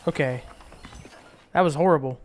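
A man's voice: fairly high pitch, moderate pace. A man casually commenting while playing a game, thinking aloud with restarts. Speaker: gameplay streamer.

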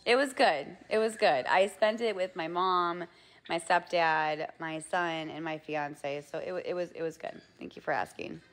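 A woman hosting a relaxed livestream from home, answering viewer comments in an easy, unhurried way. She laughs often, and faint music plays underneath. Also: deep voice. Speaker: livestream host. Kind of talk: casual livestream chat with viewers. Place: home with a loud TV nearby.

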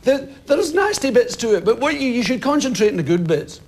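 A man in his fifties, a comedian telling stories in a TV interview and bursting into shouted impressions of people in the street. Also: very high voice, fairly quick. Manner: lively, swings into loud shouted impressions of people. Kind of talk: animated storytelling in a TV interview. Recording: TV studio with audience and some noise. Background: audience laughter.

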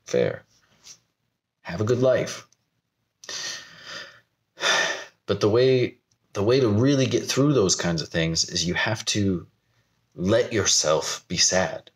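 A young man from the United States talking candidly to camera in a vlog, rambling and laughing at himself. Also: on the low side. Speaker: vlogger. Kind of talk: personal talk to camera.

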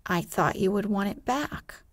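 A woman voicing Peter Pan, a cocky, sly boy who never grows up, in a soft, breathy, hushed storybook reading. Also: mid-range voice, expressive, unhurried, no room sound. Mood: earnest.

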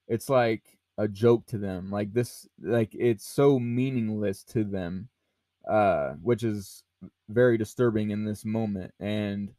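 A podcast host talks casually about a film in a lowish, warm-toned voice captured in a dry recording. He rambles, leaning on lots of fillers and restarting his sentences often.

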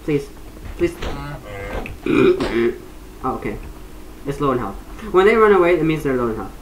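A young woman casually commenting on her gameplay, chatty and excitable, often laughing and shrieking. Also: extremely low pitch, measured pace, echoey room, slight background noise, low-quality recording. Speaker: gaming streamer.

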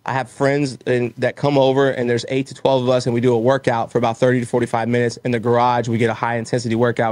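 Brief: man, mid pitch, earnest motivational interview guest, dry close sound. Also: a little mellow, no room sound. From Texas. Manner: earnest, motivational, acts out his own inner voice. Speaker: guest, roofing business owner. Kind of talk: casual interview storytelling.

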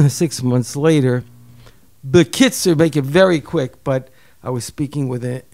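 An older man from New York telling a personal story in an interview, lively and acting out the people he quotes. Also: mid-range voice, measured pace, gravelly, dry recording. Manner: animated, acts out quoted voices, repeats words. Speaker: guest storyteller.

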